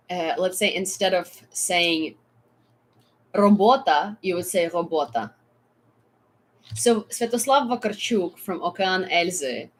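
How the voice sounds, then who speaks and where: A young woman from Ukraine, chatting casually with viewers on a live stream, with many fillers and frequent laughter. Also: lowish voice.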